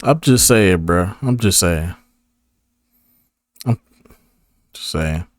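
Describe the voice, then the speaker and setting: Brief: man on a reaction stream, lively swinging voice, dry close sound. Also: low-pitched, slow, dry recording. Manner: slangy, laughing asides. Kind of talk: casual reaction commentary.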